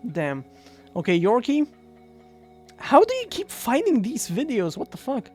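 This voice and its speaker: A young woman live-streaming in a loose, chatty way, breaking into loud, cursing exclamations and laughter. Her voice is fairly high and very animated, leaping up and down in pitch. Faint music plays behind her. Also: breathy edge. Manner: loud swearing outbursts and quick laughter. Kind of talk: casual live-stream chat.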